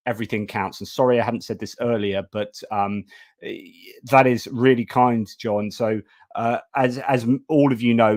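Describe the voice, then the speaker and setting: A man's voice: medium pitch, no echo, studio quality. A man hosting a live stream over a video call, chatting casually and thanking supporters with frequent restarts. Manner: chatty, many restarts and fillers.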